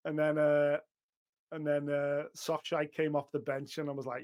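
A man co-hosting a sports podcast, chatty and excitable with frequent swearing. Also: fairly high pitch, normal speed. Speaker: podcast co-host. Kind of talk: casual chat.

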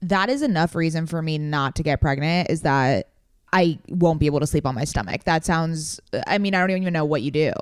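Deep-voiced smooth woman co-host. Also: a little fast, no room sound, clean studio sound. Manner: reactive, sympathetic listener. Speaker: podcast co-host. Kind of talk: casual podcast chat.

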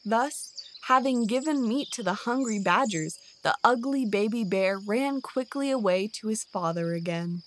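Woman narrating a storybook, very slow and deliberate, faint crickets and birds behind. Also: fairly high pitch, slight background noise. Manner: measured, expressive narration. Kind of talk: storybook reading aloud.

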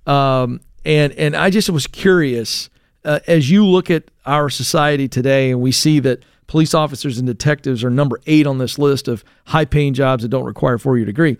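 A man's voice: mid-range voice, normal speed, clean tone, no room sound. Man, radio co-host, casual talk, fillers and restarts, dry studio sound. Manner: conversational, frequent fillers and restarts.

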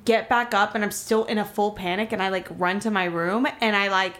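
A woman's voice: medium pitch, steady tone, fairly quick, a bit bright. A young woman from Miami telling a story in casual chat, rambling, swearing freely and filling her talk with "like".

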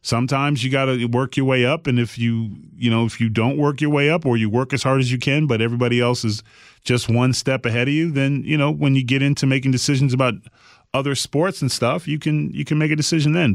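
A man's voice: mid-range voice, fairly quick, no echo, studio quality. A man co-hosting a podcast in a casual chat, talking bluntly and plainly about tough love. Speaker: podcast co-host.

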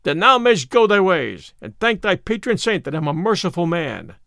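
A man's voice: high-pitched, sing-song, normal speed, creaky, pushed and bright, no room sound, clean studio sound, heavily acted. A man voicing a stout, grim male tanner in a storybook reading, blunt and bold.

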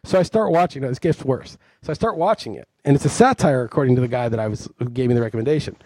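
A man's voice: mid-range voice, very fast, warm tone, husky, no echo. A man co-hosting a podcast in casual chat, telling long, rambling, self-mocking stories. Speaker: podcast co-host.

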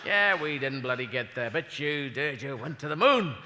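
A male comedian on stage in a large theater, doing a rambling stand-up routine, swearing and acting out bits with shouts. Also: mid-range voice, animated, normal speed, over loud music. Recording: live hall reverb, faint crowd.

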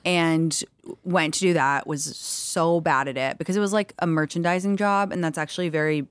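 A woman's voice: low voice, steady tone, moderate pace, clean tone, no echo, clean studio sound. A young woman hosting a podcast, chatting casually in a bubbly, rambling way with lots of "like". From grew up in London. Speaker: podcast host. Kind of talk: casual chat.

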